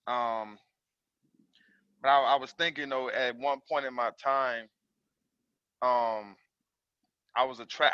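An earnest man on a group call, speaking with a bright, forceful tone but hesitating and restarting as he talks. The line sounds dull and lo-fi, and the voice is close and dry. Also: mid-range voice, no echo. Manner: halting, many fillers and restarts, earnest. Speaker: caller on the call. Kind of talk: casual share on a call. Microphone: video call.

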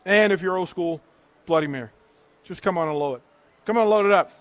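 A man's voice: high-pitched, a little fast, dry recording. A middle-aged man, hosting a live radio remote from a restaurant patio, punchy and hype-building as he reads the sponsor's menu. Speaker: radio host on remote broadcast.

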